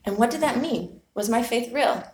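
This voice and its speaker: A woman's voice: on the high side, animated, moderate pace, a little mellow. A woman preaching a sermon, telling a personal story with earnest, reflective rhetorical questions. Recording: echoey room.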